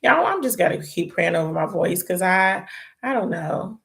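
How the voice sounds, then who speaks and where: Gravelly-voiced woman hosting a chat. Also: lowish voice, animated, normal speed. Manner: chatty, prayerful, talks to viewers as y'all. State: voice sounds tired. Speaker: host. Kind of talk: casual live-stream chat.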